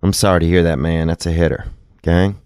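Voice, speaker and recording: Speaking quickly with a low, darkish, clean voice and fairly even intonation, a man runs a casual call-in podcast. The dry, studio-quality recording captures him rambling, joking crudely, then offering heartfelt advice to callers.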